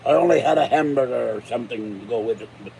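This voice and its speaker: A man's voice: mid-range voice, fast, gravelly, a little hiss or hum. A man hosting his own vlog in a rambling, jokey, casual way. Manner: rambling, jokey, breaks into growled pirate shouts. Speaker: channel host.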